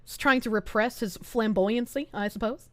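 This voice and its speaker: A woman streamer with a high voice reacts live to clips, dropping sarcastic, deadpan asides. Her sound is close and dry. She talks in a loose, casual way. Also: normal speed, no room sound.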